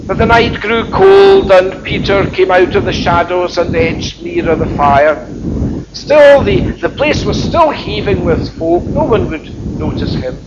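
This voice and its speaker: A man with a high voice retells a story as a sermon in a reflective, colloquial way. The recording is dull and muffled, and loud wind noise rushes across the mic. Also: very animated. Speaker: preacher.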